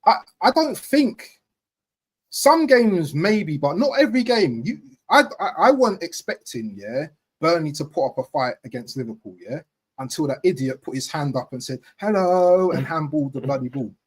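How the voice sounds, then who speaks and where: Husky-voiced guy on a football podcast, kinda high, keeps repeating himself to make a point. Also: normal speed. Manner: animated, emphatic, repeats phrases. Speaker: podcast host. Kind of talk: casual football chat.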